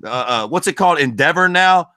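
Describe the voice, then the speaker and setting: A man's voice: a little high, expressive, brisk, pushed and bright, dry recording. A man co-hosting a casual sports chat, joking crudely. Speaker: podcast co-host.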